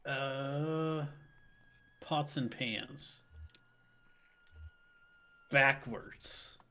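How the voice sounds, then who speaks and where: A man's voice: medium pitch, fairly even intonation, extremely slow, pushed and bright. A man co-hosting a let's play in casual chat, talking things through aloud and laughing easily.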